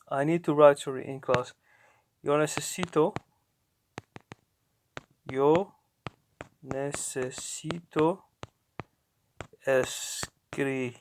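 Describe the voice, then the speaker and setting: A man narrating his own language lessons, talking slowly and haltingly and often correcting himself. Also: mid-range voice, slight background noise. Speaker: language learner. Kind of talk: narrating app lessons aloud.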